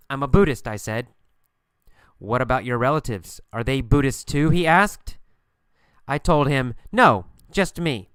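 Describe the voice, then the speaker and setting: A man's voice: mid-range voice, clean tone, no room sound. Male English teacher, home recording, clean resonant voice, dry and close, casual with fillers. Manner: relaxed, many fillers, acts out story lines. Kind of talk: teaching with a story, then casual commentary. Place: bedroom at home.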